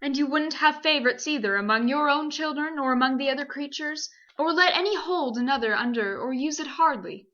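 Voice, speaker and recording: Solemn wise lion guy, a lady doing him for a storybook, slow and grave, bright dull lo-fi sound. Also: high-pitched. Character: great wise male lion, solemn and kind.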